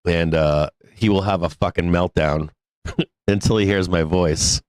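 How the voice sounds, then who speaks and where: A man's voice: low voice, fairly even intonation, measured pace, a little mellow, smooth, no echo. A man hosting a live stock trading show, chatting casually, rambling and swearing freely, often breaking into laughter. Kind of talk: casual live-stream talk.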